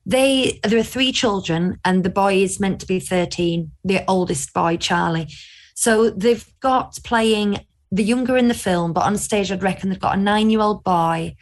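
Woman co-host, casual review chat, animated and opinionated. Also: medium pitch, moderate pace. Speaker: podcast co-host.

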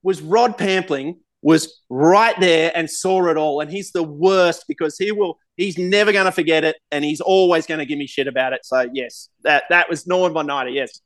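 An Australian man in his forties with a fairly high voice tells stories as a podcast guest. He laughs often and swears freely, in a loose, candid way. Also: moderate pace, hardly any pauses, a bit bright. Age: 40s. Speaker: guest, golf pro. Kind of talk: casual podcast storytelling.

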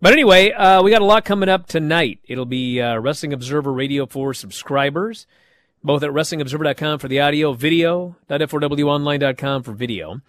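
A man hosting a show, recapping wrestling in a casual, animated way and acting out the quoted lines. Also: a little high, a little fast, dry recording.

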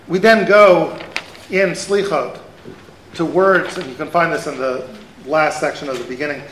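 A rabbi teaching a class, a man speaking in an animated lecture style with lots of rhetorical questions. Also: a little high, moderate pace, slight background noise. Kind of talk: lively lecture. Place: event hall. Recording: roomy hall sound.

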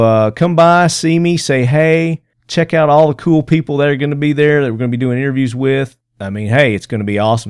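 A man's voice: mid-range voice, smooth, no room sound, clean studio sound. A man hosting a podcast, talking in a chatty, upbeat and joking way. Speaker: podcast host. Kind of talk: casual podcast chat.

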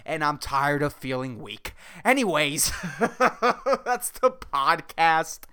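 A man's voice: a little high, big pitch swings, takes it slowly, pushed and bright, clean tone. Sarcastic profane man ranting solo. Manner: profane, sarcastic, laughing at his own jokes. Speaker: podcast host. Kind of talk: solo podcast rant.

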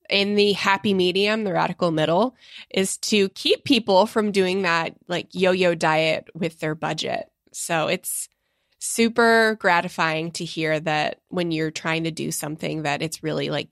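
A woman's voice: lowish voice, fairly even intonation, measured pace, gravelly, fairly bright tone, no room sound, studio quality. A woman co-hosting a podcast, talking earnestly and casually with frequent fillers. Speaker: podcast co-host.

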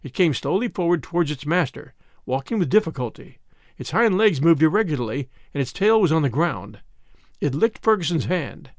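A man reading a detective story aloud with expressive storytelling. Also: on the high side, moderate pace, no room sound, clean studio sound. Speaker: audiobook narrator. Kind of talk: scripted narration.

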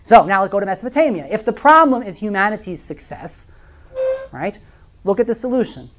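A middle-aged woman teaching a class in a very animated voice that rises and falls widely. She keeps asking her students questions and checking in as she goes. The recording is slightly muffled and lo-fi. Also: mid-range voice, fairly quick. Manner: animated, asks the class many questions, frequent "right?" and "okay?". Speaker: lecturer. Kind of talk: classroom lecture.

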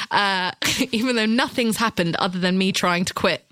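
A woman's voice: medium pitch, normal speed, hardly any pauses, pushed and bright, slight background noise. A woman, a guest actress telling a candid story in casual chat, swearing freely and acting out the voices of the people in it.

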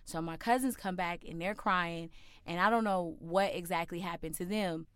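A woman's voice: on the low side, moderate pace, clean tone, dry recording. A woman telling a personal story to an audience, acting out the voices of the people in it. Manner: animated, acts out quoted voices.

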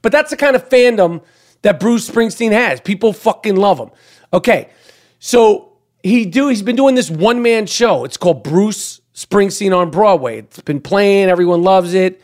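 A man's voice: high-pitched, animated, normal speed. A middle-aged man hosting a podcast in a casual monologue, talking bluntly and profanely and rambling with frequent restarts. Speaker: podcast host.

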